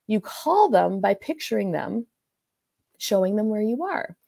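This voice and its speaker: A woman's voice: mid-range voice, big pitch swings, measured pace, gravelly, warm tone. A woman coach casually recounting a client's story in a loose, meandering way, full of restarts and "like"s. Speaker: life coach.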